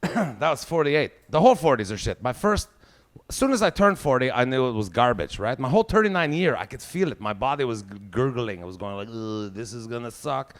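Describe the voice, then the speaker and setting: A man's voice: medium pitch, sing-song, fairly quick. A man in his forties with a Québécois French accent, doing a profane, ranting stand-up comedy set. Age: 40s. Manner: profane, ranting, swears heavily.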